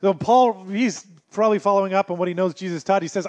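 A man preaching a sermon as pastor, earnest, moving between emphatic passages and hushed ones. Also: high voice, quick pace, few pauses.

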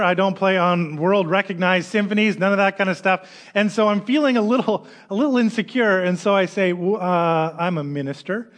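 A man's voice: high-pitched, fairly bright tone. A man who is a minister, giving a conversational sermon that opens with a personal story. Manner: conversational storytelling with quoted voices.

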